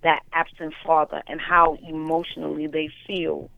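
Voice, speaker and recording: A woman's voice: low voice, little pitch movement, normal speed, vocal fry, no echo. A woman calls in over a thin, tinny phone line, her voice dry and close with no room around it. She talks earnestly and encouragingly. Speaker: caller. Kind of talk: heartfelt call-in.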